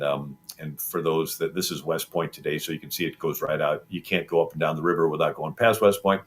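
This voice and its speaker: A man with a deep, slightly bright voice appears as a historian guest in an interview. He retells history as conversational storytelling, rambling with frequent ums and restarts.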